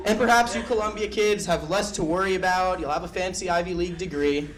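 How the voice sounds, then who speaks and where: A man's voice: sits high, fast talker, hardly any pauses, over a noisy crowd, very noisy. A young man giving a graduation speech as valedictorian, wry and playful, then reflective. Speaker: valedictorian speaker. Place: large ceremony hall. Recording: roomy hall sound from a distant mic.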